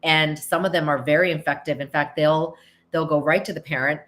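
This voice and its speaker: A woman's voice: deep voice, fairly even intonation, a little fast, a bit bright. A middle-aged woman from the United States hosting a podcast, answering listener questions in casual chat and acting out little quoted lines. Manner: chatty, restarts often and acts out quotes. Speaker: podcast host. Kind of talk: casual Q&A monologue.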